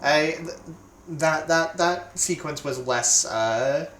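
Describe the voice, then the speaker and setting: A casual streamer commenting on a game in a chatty, self-deprecating way, stumbling and restarting now and then. The voice sits mid-pitch in a roomy space, with faint game music underneath. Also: slow, fairly bright tone.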